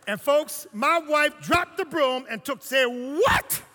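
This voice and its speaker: An older man preaching a sermon, telling his story and swinging between hushed lines and shouts. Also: extremely high pitch, animated, a little slow, in a large hall.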